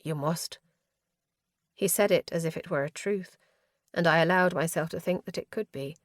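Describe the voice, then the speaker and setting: A woman's voice: fairly low pitch, brisk, dry recording, clean studio sound. A woman reading a first-person fantasy audiobook with a tense, dramatic delivery. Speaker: audiobook narrator.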